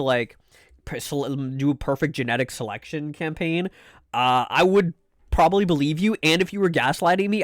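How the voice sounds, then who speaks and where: A man's voice: fairly high pitch, no echo, studio quality. Playful, rambling streamer man. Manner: playful, rambling, stammers and repeats words; sing-song chanted greetings. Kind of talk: casual live-stream chat.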